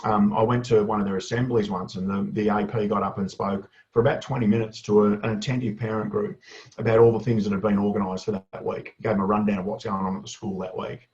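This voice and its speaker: A man giving a casual, energetic webinar tutorial to school leaders, chatty with asides. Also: on the low side, quick pace. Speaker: education consultant presenting a webinar. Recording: dull lo-fi webinar audio.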